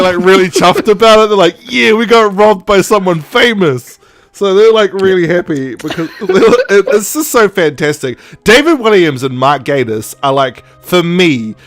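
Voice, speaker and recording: Male podcast host, fairly high voice, casual recap, laughs a lot, faint music underneath. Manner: animated, laughs often, mimics characters mid-story. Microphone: podcast microphone.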